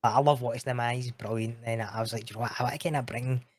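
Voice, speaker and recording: Talking very fast at medium pitch with fairly even intonation, a Scottish man appears as a podcast guest for a casual chat. He streams roleplay, speaks in slang, laughs often and swears freely. There's no echo.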